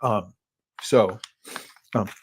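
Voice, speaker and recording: A man's voice: lowish voice, very slow, a little hiss or hum. Rambling man thinking aloud. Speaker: chocolate critic and podcast host. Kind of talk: solo podcast tasting talk. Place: his office at a computer.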